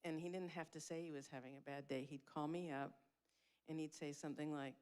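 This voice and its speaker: A woman's voice: low voice, fairly even intonation, fairly quick, a little mellow, clean tone. A woman giving a candid, heartfelt spoken tribute at a memorial; she is blunt and swears freely. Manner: heartfelt and emotional. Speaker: eulogy speaker at a memorial.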